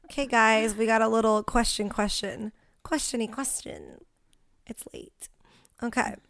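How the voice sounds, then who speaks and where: A woman's voice: a little high, steady tone, a little slow, a bit bright, no echo, studio quality. A young adult woman co-hosting a podcast in casual chat, blunt and teasing, laughing often. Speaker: podcast co-host.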